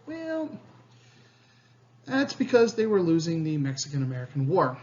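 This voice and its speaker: A man's voice: fairly high pitch, wildly swooping pitch, moderate pace, a little mellow. A man teaching history in a recorded lecture, in a casual way, often checking in with students and acting out quotes. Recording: slightly dull lo-fi recording.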